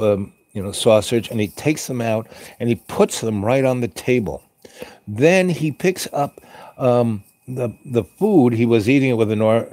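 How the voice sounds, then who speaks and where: A man with a lowish voice tells a long, meandering story full of ums and restarts. He pops into high squeaky voices when he quotes people, and the sound is dry and close. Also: a little mellow, dry recording. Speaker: vlogger playing a Santa character. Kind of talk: rambling casual storytelling.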